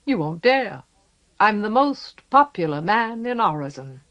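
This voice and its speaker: Lady doing a wry cheery courtier guy in a storybook, bright and defiant. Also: mid-range voice, very animated, unhurried, highs cut off. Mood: mock-cheerful.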